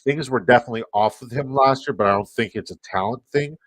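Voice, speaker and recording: A man's voice: mid-range voice, quick pace, a bit bright, no echo. A man with a Canadian accent, hosting a live fantasy football stream, rambling and swearing as he reacts to chat.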